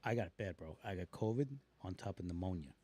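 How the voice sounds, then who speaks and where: A man's voice: low voice, quick pace, warm tone. A middle-aged man co-hosting a podcast, telling funny stories animatedly and laughing through them. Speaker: podcast co-host. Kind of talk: casual storytelling.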